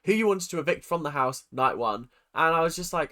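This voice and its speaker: A man's voice: on the high side, animated, a little fast, few pauses, fairly bright tone. A man from the UK giving a casual, opinionated rant about a reality TV cast, frank and chatty, swearing now and then. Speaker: YouTube commentator.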